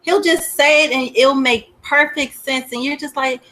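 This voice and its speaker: Brief: woman, fairly high pitch, relaxed slangy delivery. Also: moderate pace. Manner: laid-back, slangy. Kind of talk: casual chat.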